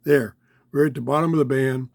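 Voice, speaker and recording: A man reviews a small radio hands-on in his home office crowded with electronics, chatting briskly as he fiddles with it. His mid-range voice is going hoarse, with frequent throat-clearing as he loses it, yet he stays chatty and easily excited. The recording is dry.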